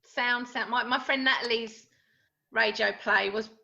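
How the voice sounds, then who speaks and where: Gravelly bright woman. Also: a little high, steady tone, unhurried, dull audio. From Essex, England. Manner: hesitant, repeats words. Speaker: playwright guest. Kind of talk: casual conversational answers.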